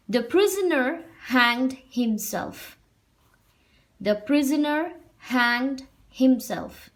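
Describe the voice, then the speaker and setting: A woman teaching a grammar lesson to children, repeating example sentences slowly and explaining them. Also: high voice.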